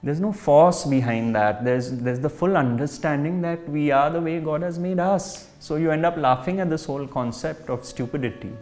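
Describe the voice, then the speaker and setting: A man giving a spiritual talk, telling jokes and anecdotes in a relaxed storytelling manner. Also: fairly high pitch, moderate pace, few pauses, soft background music. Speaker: spiritual speaker.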